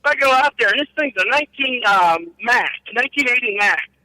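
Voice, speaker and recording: A man's voice: very high voice, lively intonation, a little fast, bright, forceful tone, no echo, rough recording. A middle-aged man telling rambling, profane stories about his trucking days and laughing at his own tales. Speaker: guest storyteller. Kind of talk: casual storytelling.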